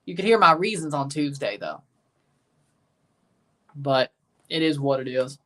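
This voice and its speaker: A man's voice: on the high side, measured pace, bright, forceful tone. A man hosting a livestream watchalong, chatting casually, reading viewers' comments aloud and reacting to a soccer match with sarcastic asides.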